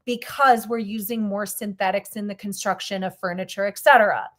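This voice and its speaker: A woman's voice: mid-range voice, steady tone, a little fast. A woman guest co-host in casual podcast chat, blunt and candid, with many fillers and restarts.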